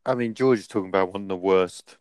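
A man's voice: sits low, fast talker, darkish tone, smooth, no room sound. A young man casually telling a rambling anecdote as podcast co-host, laughing often. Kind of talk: casual storytelling.

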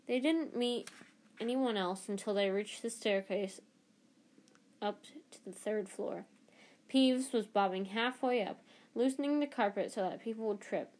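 A woman's voice: medium pitch, measured pace, a little mellow. A woman reading a novel aloud in an unpolished way, with frequent slips and restarts. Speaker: audiobook reader.

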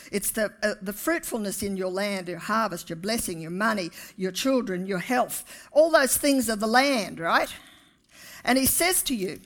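A woman preaches to her church, her fairly high voice lifting to loud peaks on key lines. She speaks straight to the congregation and draws them into an animated sermon. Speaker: pastor.

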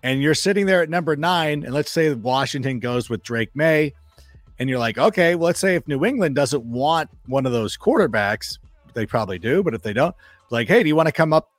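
A man as a guest football analyst in a casual sports chat, telling animated stories, acting out quoted remarks and swearing freely. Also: mid-range voice, moderate pace, no echo. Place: studio.

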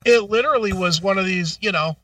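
A middle-aged man with a high, bright voice tells a profane story to his co-host. He is animated and acts out every quote. The studio sounds dry, and he sits a little back from the mic. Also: brisk, no echo, far from the mic. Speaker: radio show co-host. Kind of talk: casual storytelling chat.

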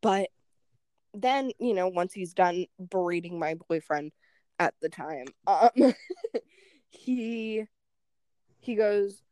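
A young woman co-hosting a podcast, telling a story in lively casual chat, swearing and acting out what people said. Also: medium pitch, slow, long pauses, dry recording. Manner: animated, swearing, acts out quotes. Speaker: podcast co-host.

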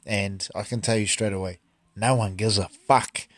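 A man's voice: on the low side, steady tone, normal speed, a bit bright, dry recording. A man, a martial artist talking bluntly and profanely in a casual monologue.

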